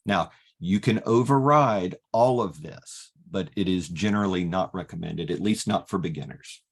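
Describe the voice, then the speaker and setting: A man leading an online workshop, explaining software step by step and often pausing with "okay" to restart. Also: low-pitched, breathy edge. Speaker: workshop facilitator teaching LaTeX. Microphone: video call.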